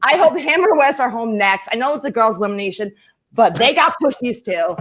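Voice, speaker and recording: A woman's voice: a little high, animated, brisk, a bit bright. A woman hosting a podcast, chatting casually and ranting bluntly with heavy swearing. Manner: blunt and heavily profane, ranting. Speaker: podcast host. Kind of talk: casual chat.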